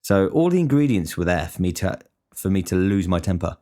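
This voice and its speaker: A man's voice: low voice, sing-song, a little fast, warm tone. A man who works as a cook, talking in a casual, ranting monologue full of swearing.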